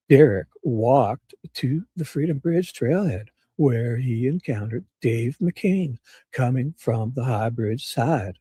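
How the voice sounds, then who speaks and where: A man doing a pompous good-old-boy small-town prosecutor, reading in a slow drawl. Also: mid-range voice, dark tone, breathy edge, no room sound.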